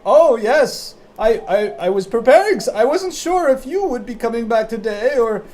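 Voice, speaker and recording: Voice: mid-range voice, very animated, moderate pace, darkish tone, voice pushed up, natural voice. A game master voicing a tiny, sweet, hard-of-hearing old woman who dotes and gets flustered. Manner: fluttery, doting and flustered.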